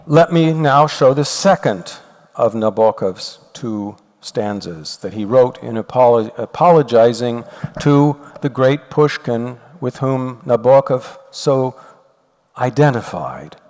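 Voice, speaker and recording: An older man giving a university lecture, explaining step by step and reading poetry aloud in an animated way. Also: medium pitch, slow. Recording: long hall reverb.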